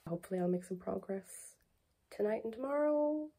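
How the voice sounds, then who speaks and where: A woman's voice: mid-range voice, expressive, fairly quick, warm tone, breathy edge. Chatty woman with a book vlog. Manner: chatty, candid and self-mocking. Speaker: book vlogger. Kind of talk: casual reading vlog diary.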